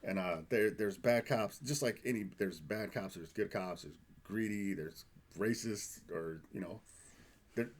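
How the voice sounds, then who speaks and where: A man who works as a firefighter, chatting casually on a podcast, swearing a lot and telling animated stories with acted-out quotes. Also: on the low side, a little slow.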